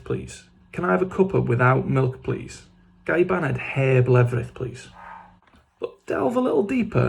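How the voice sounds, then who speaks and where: A man's voice: medium pitch, vocal fry, a little mellow, breathy edge. A man teaching language in a scripted but casual lesson, with dry, self-mocking humour, saying phrases and then explaining them in English. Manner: switches between Welsh phrases and English glosses.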